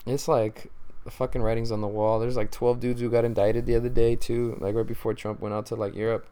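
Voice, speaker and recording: A man's voice: mid-range voice, level tone, a little fast, mellow, clean tone. A tired man hosting his own podcast, ranting in a loose, profane, rambling way. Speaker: podcast host. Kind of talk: casual solo rant.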